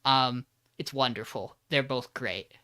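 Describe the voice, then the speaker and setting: Bright, forceful podcast host for a casual recap; rambling and animated, voices the characters' quotes. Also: mid-range voice, a little slow.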